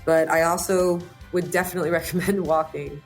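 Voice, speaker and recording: A woman's voice: fairly low pitch, fairly even intonation, a little fast, soft background music. A young adult woman talking casually in an interview, earnest and reflective, with frequent "you know" and "like" fillers. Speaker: podcast guest, patient sharing her story.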